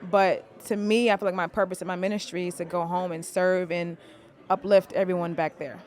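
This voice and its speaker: A woman's voice: lowish voice, fairly even intonation, fairly quick, a little mellow. A woman basketball coach, a guest in an interview, speaking earnestly and repeating phrases for emphasis. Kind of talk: interview conversation.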